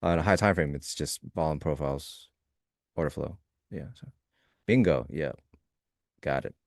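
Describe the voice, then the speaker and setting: Very deep-voiced man, co-host on a live stream, loose joking chat, dry close sound. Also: moderate pace, creaky, no echo. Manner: loose, joking, talks through ideas in fragments.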